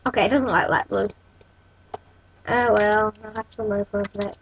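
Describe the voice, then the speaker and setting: Husky-voiced woman talking through a tutorial. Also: medium pitch, steady tone, normal speed, dull audio. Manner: thinks aloud, self-correcting. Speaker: tutorial host. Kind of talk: casual screen-recorded coding tutorial.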